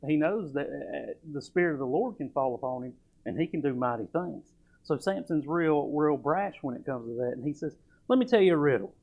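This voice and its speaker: A man's voice: a little high, moderate pace, creaky. A man preaching a sermon at a church service. He talks in a folksy, emphatic way and reads old scripture aloud. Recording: dull lo-fi church recording.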